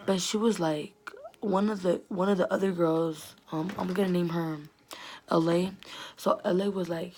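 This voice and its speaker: A woman's voice: lowish voice, unhurried, noisy background. A teenage girl telling a storytime vlog in a chatty, slangy way, often dropping to a whisper. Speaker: vlogger.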